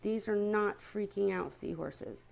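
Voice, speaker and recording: A woman's voice: medium pitch, a little slow, vocal fry, darkish tone. A woman chatting casually to viewers on a live stream about her seahorses, often stopping to apologize.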